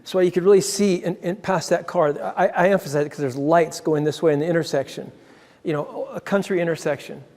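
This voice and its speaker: A man, a ministry founder, telling a personal story in an excitable way, often restarting his sentences and chuckling. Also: a little high, fairly quick. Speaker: ministry founder giving a talk. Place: church hall. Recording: long hall reverb.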